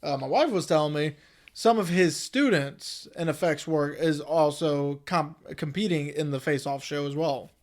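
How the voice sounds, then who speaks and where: A man co-hosting a casual movie review chat, laid-back and quick to joke and laugh. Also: a little high. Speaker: podcast co-host.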